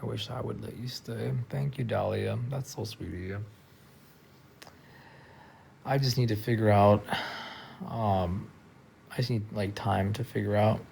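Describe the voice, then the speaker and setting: A tired man talking casually on a live stream from a friend's house, soft-spoken and trailing off with lots of fillers. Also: lowish voice, fairly even intonation, measured pace, gravelly, long pauses, a little hiss or hum. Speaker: livestreamer.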